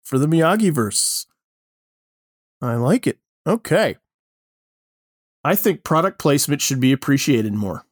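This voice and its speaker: A man's voice: on the high side, very animated, unhurried, pauses often, dry recording, studio quality. A man hosting a casual podcast chat, giving playful, opinionated takes with some hesitant fillers. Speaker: podcast host.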